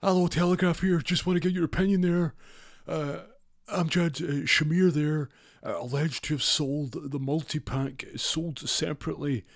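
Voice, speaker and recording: A man's voice: fairly high pitch, fairly even intonation, normal speed, no echo, clean studio sound, voice pushed up, close to an everyday voice. A man playing a pushy local press reporter, who fires questions between hesitant fillers.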